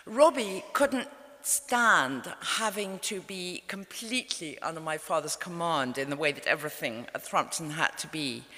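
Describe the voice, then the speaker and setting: A middle-aged woman with an English accent, talking to an audience with a wry, understated touch. Her voice rises and falls a great deal and has a bright, clear edge. It carries a long reverb from a large event hall. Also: sits low, animated, unhurried. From England. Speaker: author. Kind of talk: storytelling talk to a live audience. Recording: reverberant live venue.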